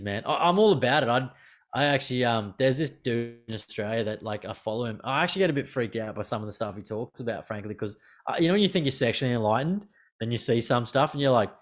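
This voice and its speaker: A man's voice: medium pitch, brisk, a bit bright. Rambling, laid-back male podcast host. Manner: rambling, loose, fills with "like", swears freely. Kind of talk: casual podcast chat. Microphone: remote call.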